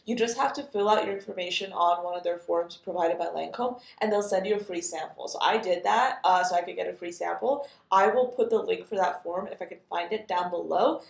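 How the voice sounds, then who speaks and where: A woman's voice: on the low side, fairly quick, creaky, few pauses, reverberant. A woman chatting casually as a perfume reviewer, amused and full of fillers and asides. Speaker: fragrance reviewer. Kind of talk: casual chat.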